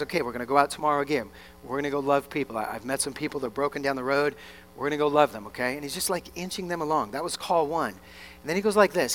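A young male pastor preaching with a high voice. He is animated and slips into the voices of his listeners and of Jesus as he goes. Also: a little hiss or hum. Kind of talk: sermon.

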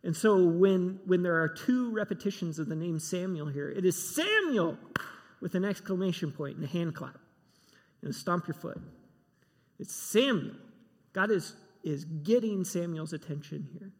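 A man's voice: high voice, normal speed, a little mellow. A man preaching a sermon, emphatic and given to repeating himself. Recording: long hall reverb.

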